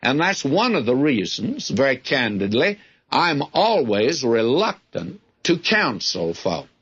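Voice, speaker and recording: A man's voice: medium pitch, big pitch swings, slow, a bit bright, husky. A man teaching the Bible verse by verse on the radio in a plain-spoken, folksy way with wry asides. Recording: dull lo-fi radio broadcast recording.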